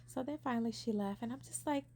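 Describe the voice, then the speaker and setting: A young woman casually telling a personal story, animated, acting out what people said and using many fillers. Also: on the high side, fast talker, a little hiss or hum.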